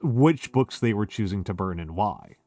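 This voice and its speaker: Faint music plays behind a man whose fairly low, dark voice is animated at a normal speed. He's chatting casually on a drinking stream, tipsy and hiccuping, rambling emphatically with lots of fillers.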